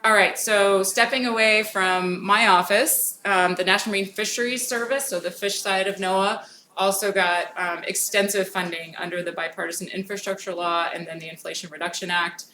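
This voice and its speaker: Her medium-pitched voice stays steady in tone yet sounds pushed and bright as she briskly and casually talks about grant programs, dropping frequent "um"s. She represents a federal grants program, speaking at a conference in a hall whose echo and faint noise come through on the recording.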